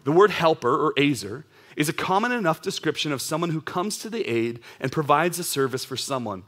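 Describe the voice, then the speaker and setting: A man in his thirties preaching a sermon to young adults, conversational and animated, with casual asides. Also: on the high side, brisk.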